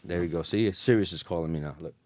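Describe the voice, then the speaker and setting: A man's voice: low-pitched, fast talker, darkish tone, dry recording. A middle-aged man talking bluntly in casual radio banter as a studio guest, laughing now and then.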